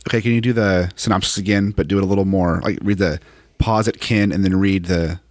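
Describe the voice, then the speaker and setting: Male co-host, rapid and a bit low, directs takes in a dry close sound. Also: fairly even intonation, dry recording. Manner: fast-talking, repeats words, gives direction. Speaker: podcast co-host directing voice-over. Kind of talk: casual chat.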